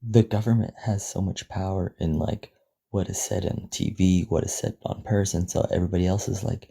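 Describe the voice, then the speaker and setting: A man's voice: deep voice, fairly even intonation, moderate pace, vocal fry, dark tone, slightly rough. A man speaking as a panelist in a casual discussion, earnest and conversational.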